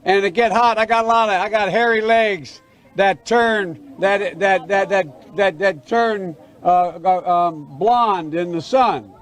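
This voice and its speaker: Older man, high voice, halting speech, repeats words, stumbles. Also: faint music behind. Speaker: public speaker. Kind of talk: speech played as a clip.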